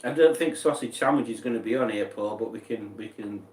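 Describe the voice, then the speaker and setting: A man streaming live reads out viewers' messages and rambles casually with mock outrage. His voice is fairly low and fairly quick, picked up off mic from a distance in an echoey room.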